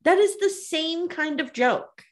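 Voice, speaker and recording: A woman's voice: extremely high pitch, expressive, slow pace. A woman co-hosting a podcast, retelling reality TV scenes in casual chat and laughing often. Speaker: podcast co-host.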